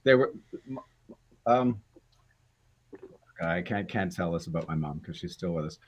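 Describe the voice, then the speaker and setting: An older man with a low, husky voice tells long, rambling stories about his acting life. He is casual and self-deprecating, often winding back on himself mid-sentence. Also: expressive, unhurried. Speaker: guest actor. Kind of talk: casual interview chat.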